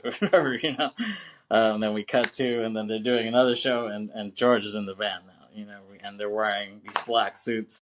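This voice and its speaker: A man co-hosting a podcast in casual chat, talking loosely and profanely, laughing often and acting out quoted lines. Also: fairly low pitch. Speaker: podcast co-host.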